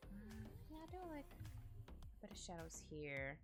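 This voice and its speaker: Chatting casually with her stream chat while she draws, a woman rambles and giggles as she reads messages and replies. Her voice sits at medium pitch with big swings in tone, and she speaks at a measured pace. This art streamer is at her home streaming setup, with faint music playing in the background.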